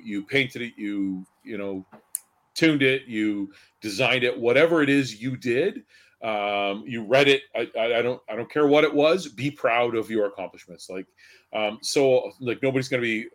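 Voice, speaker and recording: Low-voiced man chatting with many fillers. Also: a bit bright. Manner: rambling, repeats words, many fillers. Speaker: podcast co-host. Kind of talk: casual chat.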